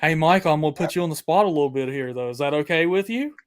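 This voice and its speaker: A man hosting a livestream chat, excitable and hyping up his guest and viewers. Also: on the high side, quick pace. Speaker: host.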